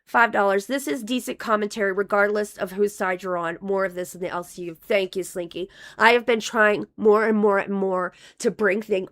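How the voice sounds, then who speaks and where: A woman live-streams casual commentary, reading out donations in a rambling, profane way and restarting often as her voice wears thin. Her mid-range voice is a bit bright, with fairly even intonation, a moderate pace and few pauses.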